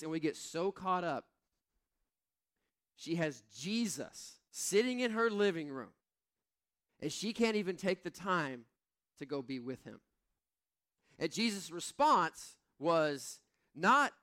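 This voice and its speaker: A man's voice: a little high, very animated, takes it slowly, long pauses, a bit bright. A middle-aged man preaching a sermon in a humorous, self-mocking way, acting out the voices he quotes. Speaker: pastor.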